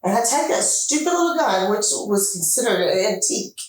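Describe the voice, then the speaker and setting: A woman in a police interview room tells her story with animated energy, acting out every line of dialogue and cursing freely. Her voice sits at an ordinary pitch for a woman. The sound is caught from across a hard, echoey room. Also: a little fast. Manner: animated retelling, acts out quoted dialogue, swears freely. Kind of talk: recounting events to detectives. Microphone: distant room camera mic. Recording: echoey room picked up from far off.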